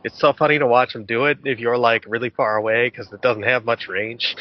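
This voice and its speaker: Casting: mid-pitched guy, chatty storyteller, curses freely, dull lo-fi sound. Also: fairly quick. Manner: animated storyteller, swears casually, acts out quotes. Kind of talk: casual group voice chat. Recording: dull lo-fi online audio.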